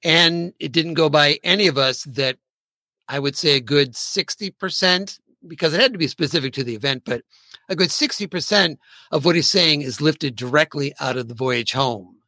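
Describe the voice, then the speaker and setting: A man's voice: fairly high pitch, moderate pace, bright, forceful tone, no room sound. A man hosting a casual podcast chat and keeping the discussion moving. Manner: steers the talk along. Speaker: podcast host.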